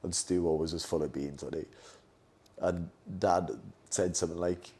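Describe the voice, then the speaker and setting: A man's voice: deep voice, moderate pace. A young man co-hosting a podcast, swearing freely and retelling family stories in a casual chat. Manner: swearing, storytelling, animated retelling. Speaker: podcast co-host.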